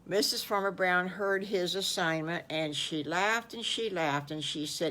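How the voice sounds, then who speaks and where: A woman's voice: on the low side, a little slow, few pauses, sharp tone. An older woman improvising a children's story in a folksy, homespun way.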